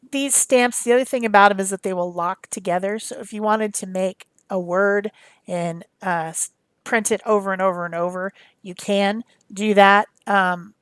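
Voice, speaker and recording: Chatty woman giving a relaxed craft tutorial. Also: mid-range voice, smooth, no room sound. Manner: chatty, rambling, with many fillers and restarts. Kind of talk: casual voice-over demonstration.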